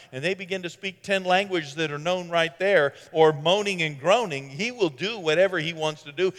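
Animated preacher man in a reverberant hall. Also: fairly high pitch. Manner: animated, swings from loud to quiet. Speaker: pastor. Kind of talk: sermon.

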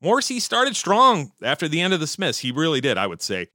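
Animated, swearing man ranting about music. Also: brisk, no room sound, studio quality. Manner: profane, opinionated and animated, with frequent swearing; pitch jumps high when excited. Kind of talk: casual music-history monologue.

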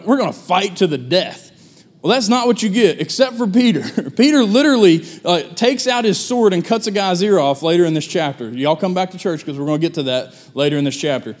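Folksy pastor preaching conversationally. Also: male voice, high-pitched. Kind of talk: sermon.

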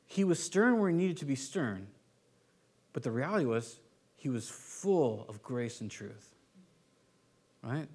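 A man's voice: mid-range voice, animated, measured pace, long pauses, darkish tone. A man preaching a sermon in an informal, explanatory way, like a pastor teaching his congregation. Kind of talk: conversational sermon.

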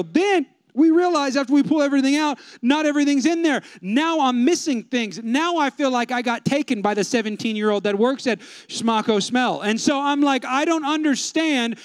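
A man, a pastor telling a funny story to his congregation with lively humor. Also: very high voice, moderate pace, hardly any pauses, clear, resonant tone, no echo. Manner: animated, humorous, addresses the congregation. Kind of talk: storytelling sermon.

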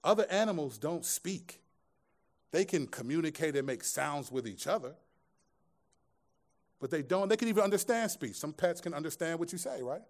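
A man's voice: fairly high pitch, expressive, moderate pace, long pauses. A man pastor giving a sermon to a live congregation in a conversational style, mixing scripture with jokes and asides. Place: church room with a live audience.

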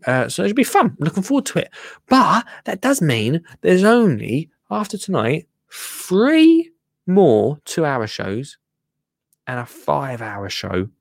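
A man's voice: mid-range voice, vocal fry, dry recording, studio quality. A man hosting a casual livestream, chatty and laughing, often muttering to himself and trailing off while he works the computer. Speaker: livestream host. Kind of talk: casual live-stream chat.

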